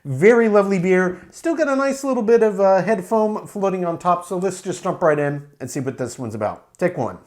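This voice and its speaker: A man reviewing a beer to camera in a relaxed, explanatory way, with frequent fillers. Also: sits high, brisk, few pauses.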